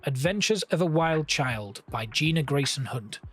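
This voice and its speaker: Male gameplay commentator, relaxed and chatty, a bit higher-pitched than most men, soft music under him. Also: moderate pace, husky. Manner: chatty, thinks aloud, reads game text.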